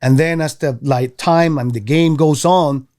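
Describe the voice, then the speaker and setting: A man from Venezuela, a former baseball player, telling stories in a casual interview, animated and acting out the voices of others. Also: a little slow. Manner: animated, acts out quoted voices with jumps in pitch. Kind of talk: casual storytelling.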